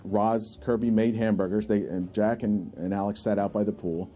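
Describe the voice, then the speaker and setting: A man recounting a personal story in a documentary interview, with halting restarts. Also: lowish voice, fairly even intonation, mellow. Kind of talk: reflective storytelling.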